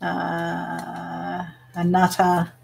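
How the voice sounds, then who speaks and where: A woman's voice: lowish voice, monotone, very slow, creaky, a little mellow, slight background noise. An Australian woman chatting casually on a live stream as she works on a craft, laughing often as she explains slang to viewers. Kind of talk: casual live chat while working.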